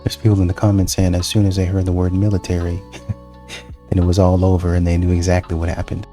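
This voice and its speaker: A man hosting a reaction show with laid-back, slangy, animated commentary. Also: low-pitched, brisk, over music. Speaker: reaction host.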